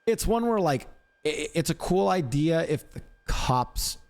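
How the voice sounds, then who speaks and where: A man's voice: a little high, animated, measured pace, faint music behind. A man streaming live, chatting casually in a rambling, upbeat, self-mocking way. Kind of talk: casual chat.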